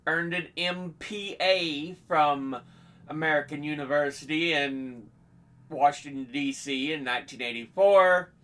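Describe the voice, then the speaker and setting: A man hosting an informational video, reading dates and figures in a steady, measured way and sometimes restarting a phrase. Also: a little high. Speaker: host. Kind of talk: unscripted informational presentation.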